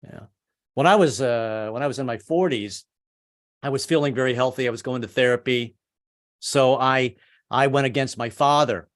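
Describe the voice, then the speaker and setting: A man's voice: medium pitch, normal speed. A middle-aged man from New York doing a chatty stand-up set over a video call, with lots of stammered restarts. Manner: chatty, stammering restarts, puts on tough-guy voices. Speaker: stand-up comedian.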